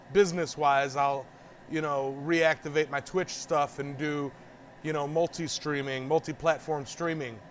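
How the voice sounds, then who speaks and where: Working in a metal forge, a man streams live and talks in a relaxed, meandering way, chuckling often. His voice has a fairly high pitch, and there's slight background noise.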